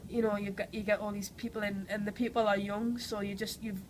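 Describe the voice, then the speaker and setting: A woman's voice: mid-range voice, level tone, fairly quick, slight background noise, poor audio. A young woman with a Geordie accent, who has a cold, chatting enthusiastically as an actress in an interview, full of "like" and "you know". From Newcastle, England. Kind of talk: casual interview answers.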